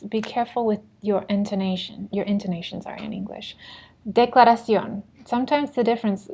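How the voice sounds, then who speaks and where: In this recorded lesson, a woman with a warm, medium-pitched voice teaches Spanish, giving patient English explanations and demonstrating phrases in Spanish. Her manner is conversational, and she self-corrects along the way.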